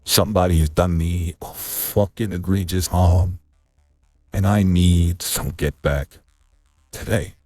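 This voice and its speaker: A game master putting on a deep, husky mob boss in a tabletop game, bossy, condescending and swearing freely. His low, rough voice rambles on as he gives orders to a hired gun. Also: steady tone, slow, mellow, no echo, heavily acted. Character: angry male mob boss, middle-aged, condescending.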